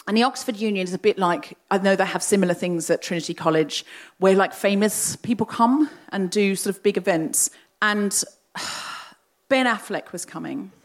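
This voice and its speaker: Animated woman telling a comic stage story. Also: mid-range voice, moderate pace. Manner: lively, animated, acts out the other voices in her story. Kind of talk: comic storytelling before a live audience. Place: large theatre before a live audience.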